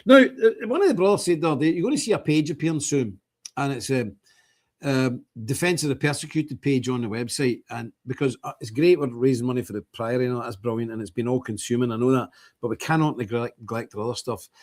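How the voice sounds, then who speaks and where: A man's voice: mid-range voice, fast talker. A man hosting a livestream, talking in a blunt, emphatic, repetitive way. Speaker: streamer host. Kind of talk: casual livestream monologue.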